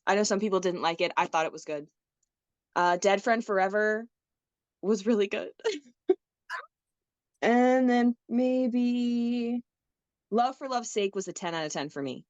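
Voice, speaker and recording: A young woman co-hosting a casual podcast, chatting in an animated, rambling way. She laughs often and fills her talk with fillers. The sound is dry and close, with no room echo. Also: medium pitch, fairly quick, muffled recording. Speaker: podcast co-host. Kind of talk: casual chat.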